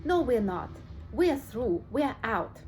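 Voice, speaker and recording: A woman's voice: on the high side, very animated, darkish tone, soft background music. Woman doing a gushing, eccentric Mister Wonka. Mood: cheerful. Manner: gushing, brisk and theatrical. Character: eccentric cheerful male chocolate-maker. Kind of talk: audiobook character reading.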